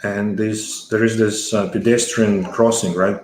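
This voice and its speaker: A middle-aged man from the former Soviet Union, speaking in a lowish, level, slightly mellow voice a little slowly, tells a long story as an interview guest, full of fillers and restarts. The echoey recording has a little hiss or hum.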